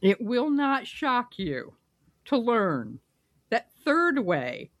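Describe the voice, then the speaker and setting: A woman's voice: on the high side, sing-song, extremely slow, no room sound, clean studio sound. A woman co-hosting a podcast in wry casual political chat, often laughing. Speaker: podcast co-host.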